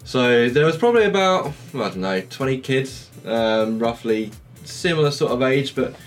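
A man from England telling stories in a relaxed, casual podcast chat. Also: medium pitch, normal speed, faint music behind. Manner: relaxed storytelling. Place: shed studio.

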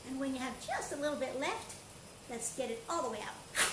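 A woman teaching a playful online karate and breathing class, coaching with counts and energetic shouts. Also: high voice, fast talker. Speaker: karate and movement instructor. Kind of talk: live online exercise class. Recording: echoey room with faint ambient noise.

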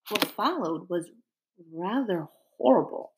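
A woman narrating a storybook aloud in an expressive, dramatic way. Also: mid-range voice, measured pace, poor audio.

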